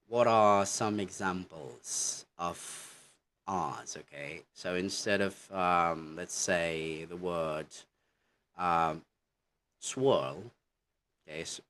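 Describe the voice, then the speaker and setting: A man's voice: sits low, fairly bright tone, a little hiss or hum. A man teaching an English pronunciation lesson, repeating example words and checking in with "okay" after nearly every phrase. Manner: slow, repetitive, says "okay" constantly while demonstrating words.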